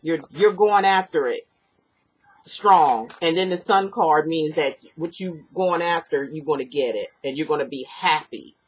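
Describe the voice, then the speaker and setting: A woman reading tarot cards for one client, talking in a rough, breathy voice that sits a little low. She rambles and repeats herself with plenty of ums, and sniffles now and then from allergies. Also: unhurried. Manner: rambling, earnest, repeats herself, lots of fillers. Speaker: tarot reader. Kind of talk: personal tarot reading to camera.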